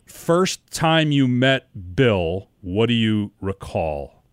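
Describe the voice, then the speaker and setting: A man hosting a sports podcast, asking questions in a relaxed, conversational way. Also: fairly low pitch, very slow, clear, resonant tone, no echo, studio quality. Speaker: podcast host and sports broadcaster. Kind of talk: casual interview chat.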